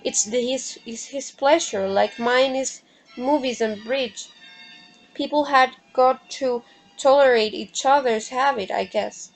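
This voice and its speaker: Woman doing calm young wife, matter-of-fact, slow, faint music behind. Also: sits high, heavily acted, rough recording.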